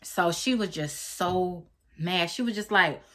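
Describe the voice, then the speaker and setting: A woman vlogger with a bright, forward voice tells a dramatic personal story straight to her viewers. She is chatty and animated and talks to them directly as she acts out the quotes. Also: lowish voice, measured pace. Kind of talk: storytime vlog.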